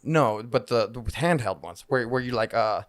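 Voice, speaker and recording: A man's voice: medium pitch, lively intonation, normal speed, no echo. A man co-hosting a podcast, telling a rambling, profane story in casual chat. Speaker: podcast co-host.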